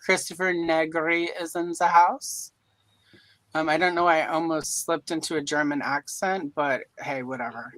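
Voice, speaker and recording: A woman's voice: sits low, fairly even intonation, normal speed, hardly any pauses, fairly bright tone, no echo, rough recording. A woman from Louisiana hosts a casual live-streamed toy chat over a video call mic. She rambles, jokes and pokes fun at herself. The sound is dry and close. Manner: joking, rambling, self-deprecating. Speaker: host.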